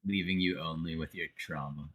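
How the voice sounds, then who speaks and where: A man's voice: extremely low pitch, steady tone, moderate pace, a bit bright. A man at a tabletop game chiming in with wry remarks. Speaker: player. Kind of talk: casual tabletop play.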